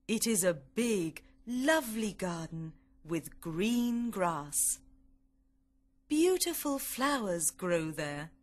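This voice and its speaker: A woman narrates a storybook in a slow, deliberate manner meant for learners. Her pitch sits in the middle but rises and falls expressively. Every word is clearly set apart.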